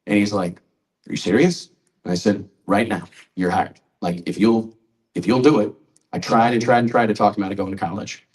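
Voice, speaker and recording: A magazine publisher in his forties, with a lowish, steady, slightly mellow voice, speaks briskly at a press conference in a trade show event hall, presenting honorees and telling a story conversationally while quoting people. He is far from the mic, and the audio is poor.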